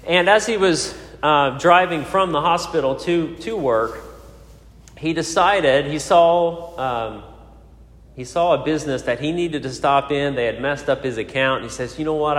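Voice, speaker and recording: A man preaching a sermon, telling a story with many pauses, fillers and restarts. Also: fairly high pitch, a bit bright. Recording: echoey hall.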